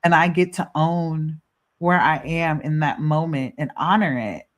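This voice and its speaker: A woman hosting a reflective podcast conversation over a remote call, asking gentle, probing questions and laughing easily. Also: low-pitched, measured pace. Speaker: podcast host. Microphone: remote video call.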